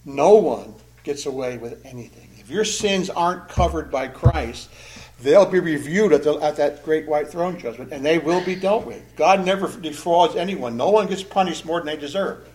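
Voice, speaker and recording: A man's voice: a little high, moderate pace, a little mellow. A man preaching a sermon in an earnest, emphatic way, pressing hard on key phrases. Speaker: pastor.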